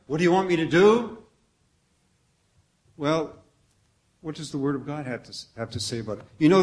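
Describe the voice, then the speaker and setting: Preaching a sermon, a man with a medium-pitched voice speaks earnestly and conversationally. He poses questions to the congregation and lets his voice drop softly at the ends of phrases.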